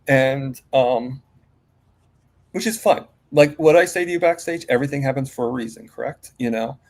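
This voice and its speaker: A man's voice: medium pitch, normal speed, a little mellow. A man as an interview guest in a casual live-stream chat, rambling with many fillers and restarts.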